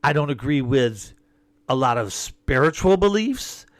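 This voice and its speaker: A man's voice: mid-range voice, sing-song, a little slow. A man delivering an emphatic, rambling political monologue with sarcastic asides. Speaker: political commentator.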